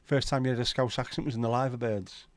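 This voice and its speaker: A man's voice: mid-range voice, steady tone, quick pace, dry recording. A man hosting a casual livestream chat, reading out viewer comments in a bantering, crude, sweary way. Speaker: livestream host.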